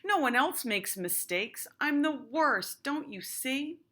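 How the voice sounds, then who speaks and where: A frustrated young storybook girl pours out self-pity in a bright, raised voice, as a woman reads her. She sounds close to giving up. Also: high voice, expressive, slow, voice pushed up, full character voice. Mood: upset. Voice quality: upset, self-pitying.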